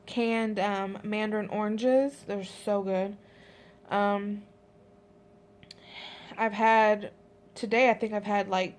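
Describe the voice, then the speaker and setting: A young heavily pregnant woman chatting casually in a vlog update, rambling with many ums and likes, a little out of breath. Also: mid-range voice. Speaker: vlogger.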